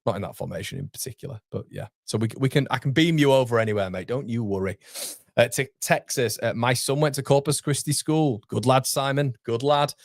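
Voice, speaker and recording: A man's voice: mid-range voice, fairly quick, creaky, no echo, studio quality. A man in his thirties with a Yorkshire accent, hosting a casual live football watchalong, chatty and calling everyone mate. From England. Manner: chatty, reads out chat messages, calls everyone mate. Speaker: fan channel host.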